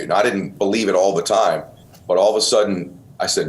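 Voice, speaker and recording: Middle-aged male host, low voice, earnest and emotional storyteller. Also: steady tone, fast. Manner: earnest, calls listener brother and bro. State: choked up. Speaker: podcast host.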